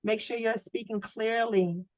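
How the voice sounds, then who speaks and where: A woman running a sales training on a video call, coaching with lively, preachy energy and lots of rhetorical questions. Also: fairly high pitch, measured pace, dry recording, rough recording. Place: home office.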